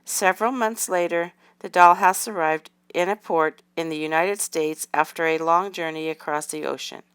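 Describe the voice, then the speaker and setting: Bright, crisp woman reading a storybook. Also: lowish voice, steady tone, normal speed, no echo. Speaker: reader. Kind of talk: reading a children's book aloud.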